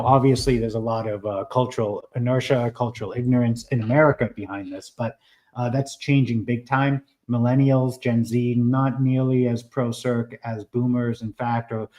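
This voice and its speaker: A man hosting a live stream in a casual, animated way. He talks at an average pitch, fills his speech with "uh" and "um" and often restarts his sentences. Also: low-quality recording. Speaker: livestream host.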